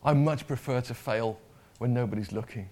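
A man's voice: mid-range voice, moderate pace, a little mellow. Man preaching a conversational sermon. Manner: conversational, repeats words, asks the congregation questions.

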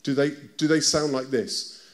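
A man's voice: medium pitch, level tone, moderate pace. A man with a British accent preaching a conversational sermon, often stopping to ask his listeners direct questions. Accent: British English.

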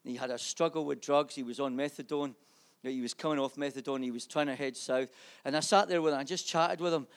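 A man preaching a sermon in a church, telling a personal testimony with impassioned swings from loud fervour to hushed intimacy. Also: medium pitch, fairly even intonation, fairly quick, clean tone.

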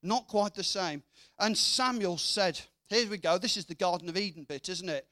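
A man's voice: high voice, moderate pace, bright, forceful tone. A man preaching a sermon, reading scripture and then chatting through the story, acting out the voices of its characters. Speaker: guest preacher.

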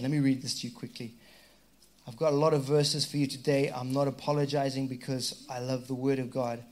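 A middle-aged man preaching a sermon, leading his congregation in call-and-response, swinging between loud emphatic peaks and quiet asides, with jokey remarks along the way. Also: a little high. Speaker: pastor. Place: church stage before a congregation.

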